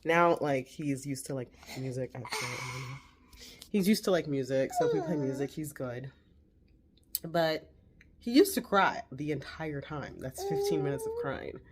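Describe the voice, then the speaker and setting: A woman's voice: deep voice, big pitch swings, normal speed, background noise. A woman in her forties, a mother, chatting casually to the camera while she makes breakfast at home. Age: 40s. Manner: chatty, talks while cooking. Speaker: vlogger mother. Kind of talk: casual vlog talk. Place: home kitchen. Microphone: camera set on the counter.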